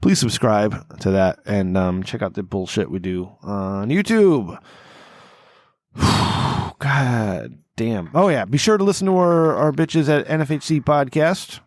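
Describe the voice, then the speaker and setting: A man's voice: medium pitch, animated, unhurried, few pauses, dry recording, clean studio sound. A man in his thirties hosting a rowdy drinking podcast, rambling and swearing freely between plugs. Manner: profane, rambling, loud and combative. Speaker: podcast host.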